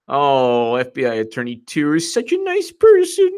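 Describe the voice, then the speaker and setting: A man in his forties hosting casual political commentary, animated and quick to laugh, reading quotes aloud in a mocking tone. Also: mid-range voice. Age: 40s. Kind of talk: casual live-stream commentary.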